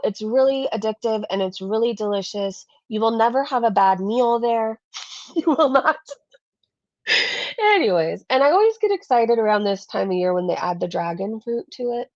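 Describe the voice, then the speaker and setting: A woman's voice: medium pitch, a little mellow, no echo, muffled recording. A woman hosting a casual live-stream commentary, chatty and rambling as she reads super chats. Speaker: commentary channel host.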